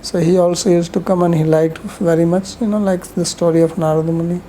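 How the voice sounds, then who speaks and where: A woman's voice: on the low side, steady tone, brisk, mellow, a little hiss or hum, rough recording. A woman giving a rambling, conversational scripture lecture, telling stories with frequent asides.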